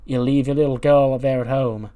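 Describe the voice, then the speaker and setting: A man's voice: medium pitch, fairly even intonation, a little fast, mellow, smooth, natural voice. Man voicing a defiant woman wrestler, brash, challenging. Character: defiant angry female wrestler.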